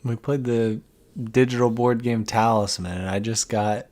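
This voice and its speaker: A man's voice: mid-range voice, fairly even intonation, normal speed, darkish tone. Wry man co-hosting a podcast. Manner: wry, teasing, acts out quotes with gasps. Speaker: podcast co-host. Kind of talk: casual chat.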